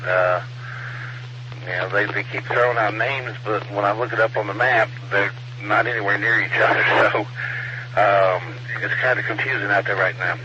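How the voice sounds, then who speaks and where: A man's voice: lowish voice, steady tone, normal speed. A man relaying scanner information over amateur radio in an easygoing, rambling way. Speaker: ham radio operator relaying scanner traffic. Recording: muffled radio with static hiss.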